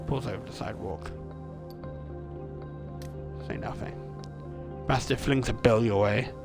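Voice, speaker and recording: A man's voice: mid-range voice, steady tone, moderate pace, soft background music. A man streaming a game, reading its narration aloud and making wry, casual remarks.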